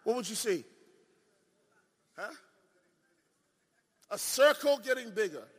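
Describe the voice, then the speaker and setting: A man preaching a sermon. He swings from shouted declarations to low, drawn-out asides, and he keeps questioning the audience and repeating himself. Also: big pitch swings, slightly rough, long reverb tail. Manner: asks the audience questions and leans on repetition.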